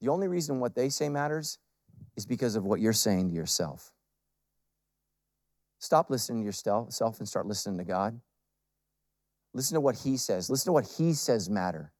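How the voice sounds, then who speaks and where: A middle-aged man preaching a sermon as a pastor, swinging between loud emphatic peaks and quiet intimate lines and repeating phrases for emphasis. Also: fairly low pitch, animated, moderate pace, long pauses, no room sound, clean studio sound.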